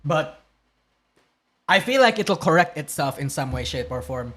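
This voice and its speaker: A man's voice: on the high side, expressive, measured pace, pushed and bright. A man streaming, giving blunt, profane opinions in a rambling way with many restarts. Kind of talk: casual reaction stream commentary.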